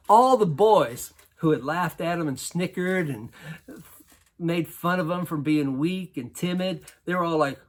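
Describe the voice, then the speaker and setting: A basketball coach telling a lively personal story to an audience, laughing often as he goes. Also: fairly high pitch. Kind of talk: storytelling talk.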